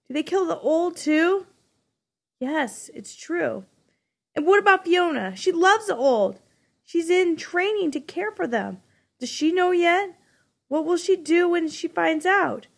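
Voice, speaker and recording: A woman's voice: very high voice, animated, measured pace, vocal fry, pitched above the performer's own voice, exaggerated voice. A woman reading aloud, voicing a distraught twelve-year-old boy with a raised, heated, pleading delivery.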